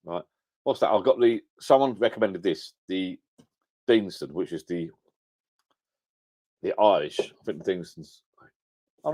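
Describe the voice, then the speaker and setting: Sitting by a whiskey shelf at home, a middle-aged man streams live and chats casually in a low, a little mellow voice. He tends to ramble and catch himself mid-thought, picked up by a camera on his home setup.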